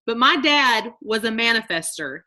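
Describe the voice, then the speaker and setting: Woman, bright clear voice, animated motivational speaker, video call workshop, mimics everyday gripes. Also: fairly high pitch, normal speed. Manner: animated, acts out everyday complaints in mock voices. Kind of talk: live online workshop talk.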